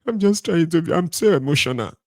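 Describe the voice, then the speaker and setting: A man voicing an overwrought, tearful person in a whiny falsetto. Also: animated, fast, no echo, clean studio sound.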